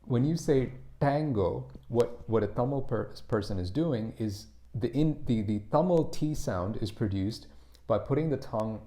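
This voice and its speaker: A man teaching English pronunciation on a live stream, explaining slowly and patiently, demonstrating individual sounds and answering viewers' chat. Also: medium pitch, animated, mellow.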